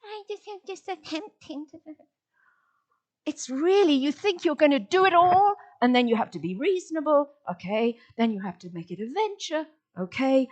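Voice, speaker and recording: A woman giving a lecture in an expressive, playful way, acting out inner voices and drawing out single words, often asking the audience questions. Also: high-pitched, normal speed, hardly any pauses, lo-fi sound. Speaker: summer school lecturer. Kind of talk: expressive lecture on word meanings.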